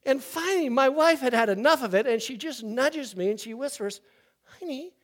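An older man, the pastor, preaching a sermon with a chatty storytelling manner, swinging from loud lively stretches to quiet low ones. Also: a little fast.

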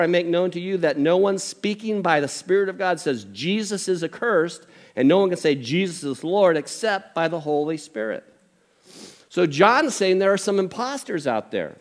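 An older man preaching a sermon as pastor, conversational, with jokey asides. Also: sits high. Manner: conversational, jokey asides, animated impressions of family.

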